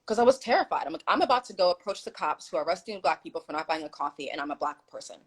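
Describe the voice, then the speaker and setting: On a rough phone or video-call recording, a female live-stream guest speaks very fast in a low, husky voice. Her storytelling is lively and forceful, full of quoted dialogue from the people involved.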